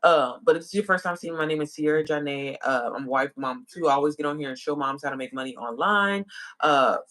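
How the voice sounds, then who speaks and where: A woman's voice: deep voice, quick pace, fairly bright tone. A woman chatting casually with viewers on a livestream as an online business coach, calling them y'all and girl.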